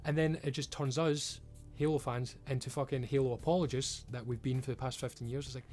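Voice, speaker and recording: A man's voice: medium pitch, steady tone, a little fast, hardly any pauses, darkish tone, faint music behind. A man giving an emphatic, frustrated rant as a video creator, swearing often. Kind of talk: ranting commentary.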